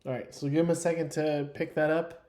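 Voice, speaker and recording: A man's voice: a little high, level tone, a little fast, a little mellow, echoey room. A man narrating as game master of a tabletop role-playing game, with laughing, rambling asides.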